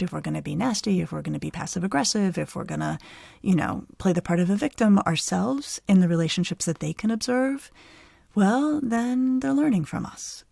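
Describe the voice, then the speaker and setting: A middle-aged woman psychologist hosting a podcast, explaining conversationally with an animated, easy manner. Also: on the low side, creaky, no echo, studio quality. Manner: animated, explanatory, laughs easily. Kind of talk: conversational expert advice.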